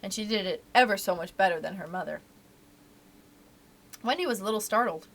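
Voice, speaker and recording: A woman reading a children's book aloud for a library storytime, with expressive, animated delivery. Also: mid-range voice, brisk.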